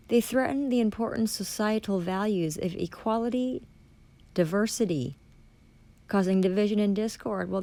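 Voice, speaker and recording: A woman's voice: mid-range voice, a little mellow. A woman ranting angrily and sarcastically as she reads a policy document aloud and rebuts it, swearing often. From Canada. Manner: profane, sarcastic, accusatory. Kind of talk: angry ranting monologue.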